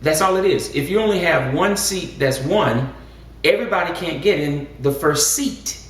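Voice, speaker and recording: A man co-hosting a casual talk about marriage, speaking in a measured way that turns preacherly and rises with emphasis. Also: a little high, lively intonation. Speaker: co-host. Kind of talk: casual chat. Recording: echoey room, far from mic, faint noise.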